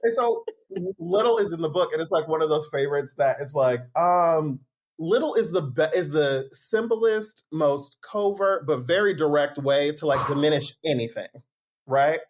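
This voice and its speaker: A podcast guest and author chatting casually, telling stories in an animated way and acting out the voices they quote. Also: mid-range voice, normal speed.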